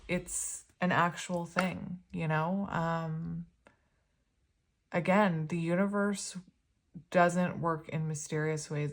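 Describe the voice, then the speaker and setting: A woman giving a casual spiritual tarot reading, talking in an earnest, rambling way with lots of "like" and "you know". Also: deep voice. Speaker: tarot reader.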